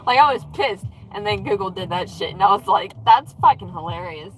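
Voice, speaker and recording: A woman's voice: mid-range voice, fairly quick, fairly bright tone, rough recording. A woman livestreaming casually while driving, chatty, swearing freely and acting out what others said. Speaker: vlogger. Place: in a car in traffic. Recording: faint road noise and rattles.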